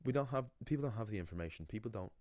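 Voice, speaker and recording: Young guy, real low voice, rambling teacher rant, dry close sound. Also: expressive, very fast, darkish tone, no echo. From Ireland. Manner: anecdotal, opinionated, rambling. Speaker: language teacher. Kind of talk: casual explanatory video monologue.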